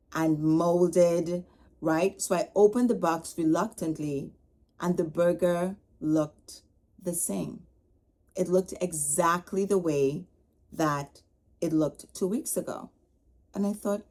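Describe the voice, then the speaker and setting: Mellow-voiced woman telling a story. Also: fairly low pitch, slow pace. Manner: animated, retells her upset with quoted dialogue. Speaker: podcast host. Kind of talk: casual storytelling.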